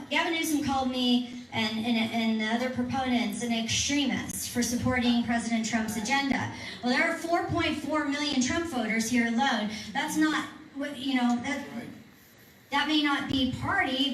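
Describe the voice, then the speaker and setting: A woman with a high, fairly bright voice leads a petition workshop, answering audience questions earnestly and persuasively while often restarting her sentences. She's far from the mic in an echoey room, with a faint hum.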